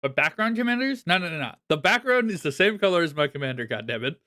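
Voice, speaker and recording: Chatty man with a higher voice. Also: animated, fast talker, bright, forceful tone. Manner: chatty, laughs often, self-deprecating. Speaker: streamer reviewing viewer decks. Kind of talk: casual live-stream chat.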